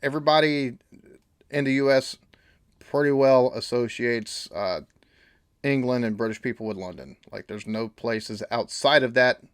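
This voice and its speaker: A man's voice: medium pitch, normal speed, clean tone, dry recording. Folksy man, dry sound. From United States. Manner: rambling and folksy, with fillers and restarts. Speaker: reaction video host. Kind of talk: casual reaction chat.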